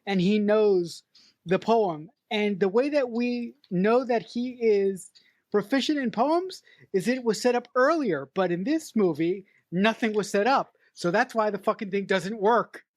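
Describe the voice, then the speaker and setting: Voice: mid-range voice, a little slow, no room sound. A podcast co-host bluntly criticizing a film in casual chat, swearing freely. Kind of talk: casual movie review chat.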